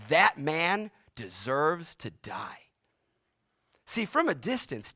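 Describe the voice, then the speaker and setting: A man delivering a sermon in a dramatic storytelling manner. His voice sits slightly high and moves constantly, climbing to ringing peaks and sinking low for emphasis. He shifts between urgency and quiet gravity. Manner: dramatic storytelling, voice rising and dropping sharply for emphasis. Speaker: pastor.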